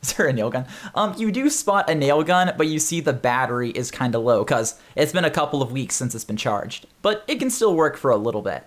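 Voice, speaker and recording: A man's voice: medium pitch, sing-song, fairly quick, few pauses. A man narrating as game master in a tabletop game, playful and often laughing.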